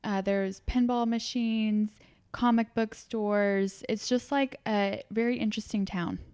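A woman's voice: medium pitch, steady tone, a little slow, darkish tone, clear, resonant tone, no echo. A young woman co-hosting a podcast, chatting casually in a friendly way and asking her co-host questions. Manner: friendly, asks questions, reads the intro. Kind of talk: casual chat.

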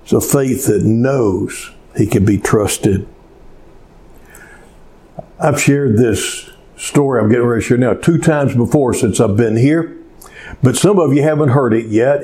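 A man preaching a sermon in an earnest, slow manner, telling a story with dramatic pauses. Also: mid-range voice, mellow. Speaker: pastor.

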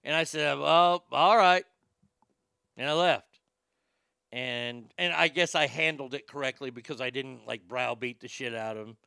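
Profane storytelling man, bright dry voice. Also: medium pitch, moderate pace, vocal fry, clear, resonant tone, dry recording. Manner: animated, profane, acts out other people's lines. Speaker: stand-up comedian. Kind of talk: storytelling stand-up bit.

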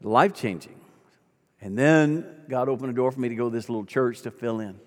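A man's voice: mid-range voice, brisk. A pastor in his sixties preaches like a man chatting across a coffee table, folksy and easygoing. His voice sits in a middle register and carries a long hall reverb around it. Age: 60s. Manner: folksy, conversational, acts out quoted dialogue. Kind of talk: storytelling sermon.

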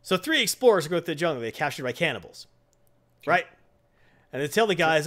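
A man chats his way through a comic book review, with a lively voice that rises and falls a lot. He rambles, doubles back and acts out characters when he tells a joke. His voice sits a little high for a man. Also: fairly quick, long pauses. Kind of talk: casual review chat.

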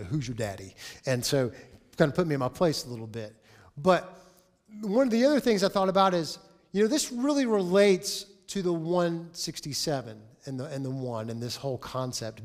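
A man in his forties preaching a sermon as pastor, telling a story with lively acted-out dialogue. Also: on the high side. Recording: long reverb of a large hall.

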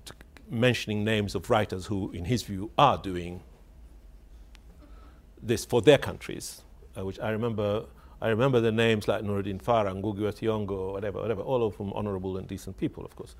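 A man's voice: lowish voice, fairly even intonation, fairly quick. A man speaking in a reflective, hesitant way, often repeating words as he searches for his phrasing, and laughing wryly as he tells a story. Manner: wry, laughs while telling a story. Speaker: author interviewed on radio. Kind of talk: reflective spoken reminiscence.

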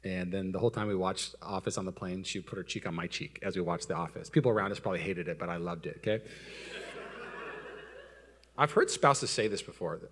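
Delivering a sermon a little fast, this young adult pastor jokes at his own expense through storytelling. He alternates between loud, excited moments and soft, low asides.

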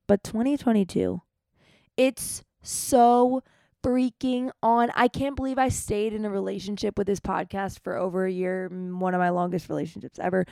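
A young woman hosting a podcast, telling stories in an animated, chatty way, with dramatic retellings. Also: medium pitch, creaky, no echo. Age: young adult. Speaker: podcast host. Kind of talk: casual storytelling monologue.

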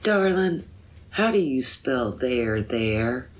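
A woman reading a poem aloud, voicing a gentle, dreamy wife who raises her voice to be heard. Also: very deep voice, sing-song, takes it slowly, voice pushed up, heavily acted. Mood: calling out.

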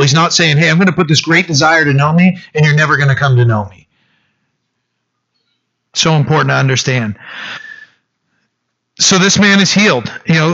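Earnest, bright-toned male preacher. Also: on the high side, dull audio. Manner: earnest, urgent preaching with restarts. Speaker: pastor. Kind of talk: sermon.

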